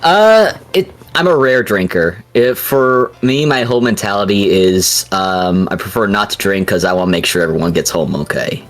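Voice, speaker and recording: A man's voice: fairly low pitch, lively intonation, normal speed, few pauses, faint music behind. A man guest on a casual live stream, talking earnestly and restarting his words as he explains himself.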